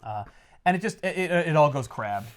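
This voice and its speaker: A man with a fairly high voice, retelling a comic book story to friends in casual chat. He keeps it lively, often jumping into quick voices for the characters he describes. The tone is relaxed and conversational. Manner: animated storyteller who acts out characters' lines in quick voices. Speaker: comic book podcast co-host.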